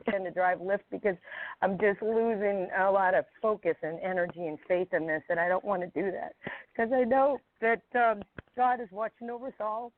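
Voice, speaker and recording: A woman caller speaks on a tinny phone line, her voice narrow and thin. She talks in an emotional, halting way, pausing often to find her words. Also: medium pitch, steady tone. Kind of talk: call-in phone chat. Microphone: telephone.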